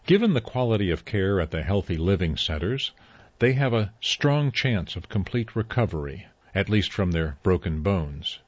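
A man reading a story aloud in a measured, even way. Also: deep voice, dry recording, muffled recording. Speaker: narrator. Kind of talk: scripted story narration.

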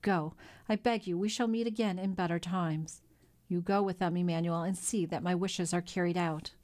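A woman voicing a kindly, ruined older male shipowner who speaks in a gentle, melancholy way in a storybook reading. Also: on the low side, fairly even intonation, moderate pace, natural voice. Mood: sad.

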